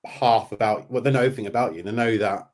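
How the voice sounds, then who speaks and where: Male interviewer, lower pitch, halting and restarting as he thinks aloud. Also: a little mellow. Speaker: webinar host, interviewer. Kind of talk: webinar interview.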